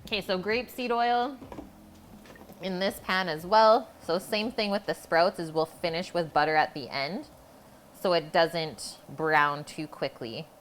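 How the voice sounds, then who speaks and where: A woman's voice: on the low side, measured pace, fairly bright tone, a little hiss or hum. A woman hosting a live cooking stream, chatting casually with her viewers as she cooks in a home kitchen. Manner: chatty, talks to chat while cooking. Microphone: streaming mic.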